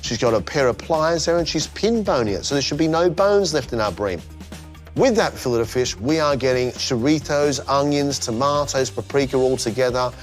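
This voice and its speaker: A man judging a cooking competition, giving lively, descriptive running commentary on the dishes. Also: medium pitch, normal speed, soft background music.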